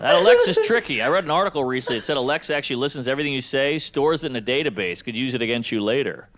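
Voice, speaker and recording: A man in his thirties doing a stand-up comedy set, delivering punchy deadpan one-liners. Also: medium pitch, very fast. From United States. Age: 30s. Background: audience laughter.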